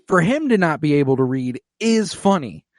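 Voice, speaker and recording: A man's voice: fairly high pitch, sing-song, moderate pace, a little mellow, no room sound. A man co-hosting a podcast who retells scenes in loose, profane casual chat. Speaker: podcast co-host.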